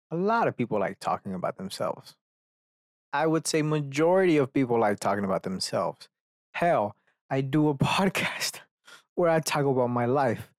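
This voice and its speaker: A man hosting a solo podcast in a loose, rambling way, swearing freely and wandering off topic. His voice sits at a middling pitch for a man. It is recorded close on a podcast mic with a dry, dead sound. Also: no room sound. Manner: rambling and profane, self-mocking asides. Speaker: podcast host.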